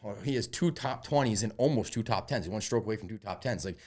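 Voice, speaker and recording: A man co-hosting a podcast with his brother, arguing his points in casual, animated chat. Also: fairly low pitch, fast talker. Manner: animated, argumentative, casual swearing. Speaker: podcast co-host, golf betting.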